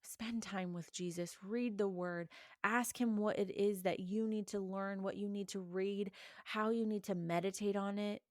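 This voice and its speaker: A woman's voice: mid-range voice, steady tone, measured pace, dry recording, clean studio sound. A woman giving an earnest, encouraging faith reflection, urging listeners directly. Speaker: Christian podcast host.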